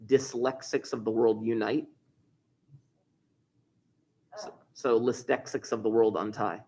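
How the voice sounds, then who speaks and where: A man's voice: medium pitch, fairly even intonation, moderate pace, darkish tone, breathy edge. Jokey male math teacher thinking aloud. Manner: jokey, chatty, thinking aloud while working problems. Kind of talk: recorded class review lesson.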